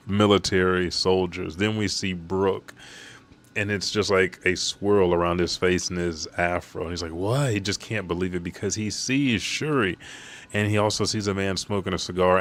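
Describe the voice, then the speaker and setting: A man's voice: deep voice, fairly bright tone. A man casually recapping a manga chapter, rambling and swearing as he goes.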